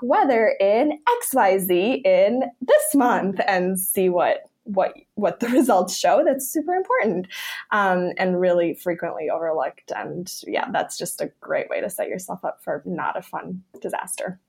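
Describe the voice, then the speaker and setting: A woman travel planner chatting as a podcast guest. She rambles along with plenty of fillers and laughs often. Her pitch sits in an ordinary middle range. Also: vocal fry, a little mellow. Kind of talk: casual chat.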